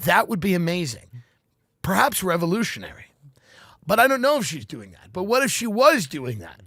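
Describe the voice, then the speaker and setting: A man hosting a comedy podcast, riffing through an animated monologue and acting out imagined speeches. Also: sits high, moderate pace, no echo, clean studio sound. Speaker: podcast host.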